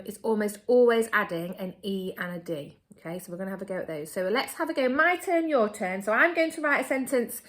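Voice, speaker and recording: An English woman teaching a remote phonics lesson to young children, upbeat and slow, stretching key words. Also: mid-range voice. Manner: upbeat, slow and exaggerated for children, my turn your turn. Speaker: primary school teacher.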